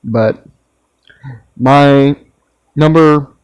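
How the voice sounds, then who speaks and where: A man's voice: a little high, extremely slow, clear, resonant tone, no room sound, rough recording. A young man casually ranking his collectibles. He rambles, uses lots of ums and restarts sentences. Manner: relaxed, meandering, with frequent ums and restarts. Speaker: toy collector vlogger.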